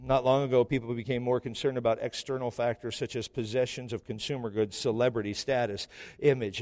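A man's voice: medium pitch, darkish tone, big-room sound. A man preaching a sermon as pastor, emphatic and impassioned, firing rhetorical questions at the congregation. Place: church sanctuary.

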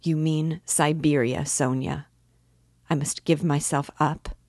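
A woman's voice: sits low, steady tone, slow, a little mellow, no echo, full character voice. Woman reading as Raskolnikov, bitter young killer. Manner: anguished, bitter pleading. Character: tormented young male murderer, bitter and defiant.

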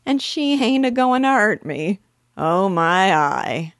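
A coarse, uneducated burglar from a storybook, put on by a woman reading aloud. He drags out his vulgar exclamations slowly and a touch louder, and the recording is close and dry. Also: mid-range voice, big pitch swings, no echo, pitched above the performer's own voice. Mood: laughing. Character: rough uneducated male burglar, amused.

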